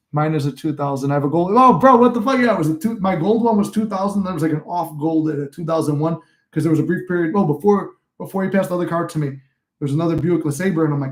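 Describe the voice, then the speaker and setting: With a slightly high, darkish voice, this livestream host, a man in his twenties, chats casually. He rambles through profane stories and reads out comments from viewers.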